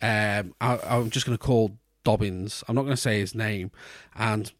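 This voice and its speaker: A man's voice: lowish voice, fairly even intonation, normal speed, dry recording. A middle-aged man, telling a long, rambling story in casual podcast chat, full of restarts and fillers. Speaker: podcast co-host.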